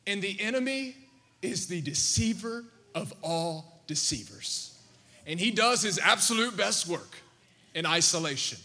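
A man in his thirties preaching a sermon, telling stories with lively restarts and repeated words. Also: high-pitched, unhurried, big-room sound. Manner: animated storytelling with repeated restarts. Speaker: pastor.

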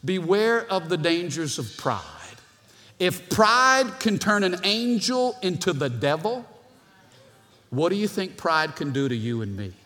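A man preaching a sermon as pastor in a church, animated, with playful asides to the congregation. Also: high voice, unhurried. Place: church sanctuary. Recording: long hall reverb from the church.

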